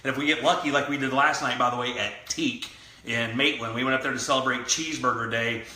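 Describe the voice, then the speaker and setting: Male cooking-show host: bright, loose and chatty, recorded in an echoey kitchen. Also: medium pitch, fairly even intonation, fast talker. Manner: chatty, loose, joking asides. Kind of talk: casual cooking demonstration. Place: kitchen studio.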